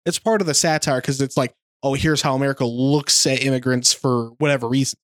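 A man co-hosting a podcast, retelling film scenes in casual chat with animated delivery. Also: mid-range voice, fairly quick, dry recording. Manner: animated storytelling, slips into a mimicked accent. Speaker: podcast co-host.

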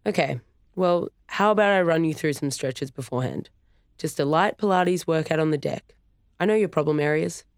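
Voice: mid-range voice, normal speed, clean tone, no echo, lightly acted. Narrator doing a chill aussie young guy, blunt and slangy, dry close sound. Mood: helpful. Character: young man, laid-back musician son.

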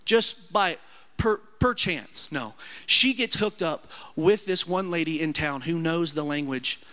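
Bright-voiced earnest male preacher. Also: a little slow. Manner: emotional, earnest preaching with rising pitch on quotes. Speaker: pastor. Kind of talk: sermon. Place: church sanctuary.

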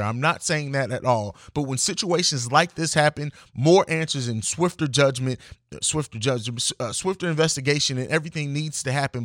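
A man's voice: on the high side, a bit bright, no room sound, clean studio sound. A man hosting a podcast, giving impassioned commentary in a fired-up, emphatic way and swearing freely. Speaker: podcast host.

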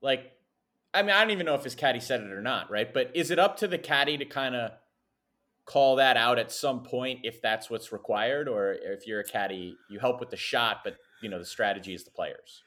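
A man's voice: medium pitch, fairly quick, fairly bright tone. A man chatting casually about golf as a podcast co-host, joking and laughing often.

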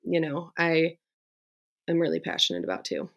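This business coach has a low-pitched, creaky, sing-song voice and talks at a moderate pace as a podcast guest. Her casual interview style is chatty and eager, packed with "like" fillers.

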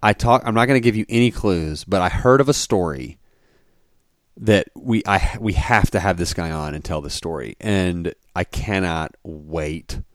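Male podcast co-host, 30s, low voice, dry close sound, loose animated chat full of fillers. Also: moderate pace, no echo. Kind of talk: casual chat.

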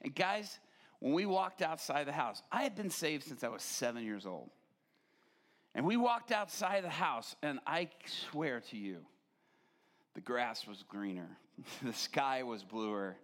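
A man preaching, telling a personal testimony in a lively storytelling manner, laughing often and acting out the voices of others. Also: medium pitch, a little slow. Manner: animated, laughing, acts out quoted voices. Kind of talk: storytelling sermon.

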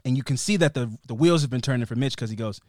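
A young adult man co-hosting a podcast, recapping a TV episode in an animated, rambling way. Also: mid-range voice, fast talker, dry recording, studio quality. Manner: animated, rambling storyteller who acts out scenes. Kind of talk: casual recap chat.

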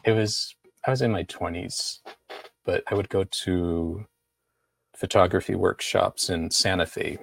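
A man's voice: low voice, steady tone, gravelly, fairly bright tone, breathy edge. A middle-aged man, an artist guest, telling laid-back stories in a casual conversation. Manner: slow, laid-back storytelling.

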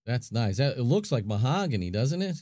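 A man's voice: mid-range voice, very animated, a little fast, mellow, no echo, clean studio sound. A man co-hosting a podcast, chatting casually and thinking aloud with plenty of fillers. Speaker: podcast co-host. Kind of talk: casual chat.

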